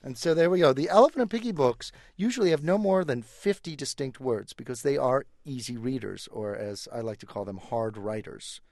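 A man being interviewed on radio as an author, explaining his work in a playful, animated way. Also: medium pitch, fairly quick, few pauses, no echo, studio quality. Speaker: author guest.

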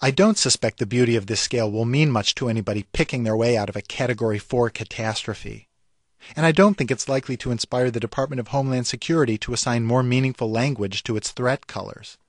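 A man, a writer, reading his own scripted radio commentary in a wry, measured way that savors the words. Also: medium pitch, no echo, studio quality.

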